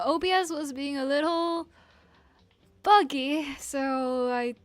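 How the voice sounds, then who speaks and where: A woman's voice: high-pitched, dry recording. A woman hosting her own livestream, chatting casually into a desktop microphone in a bubbly, playful, rambling way. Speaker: livestream host. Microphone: desktop streaming microphone.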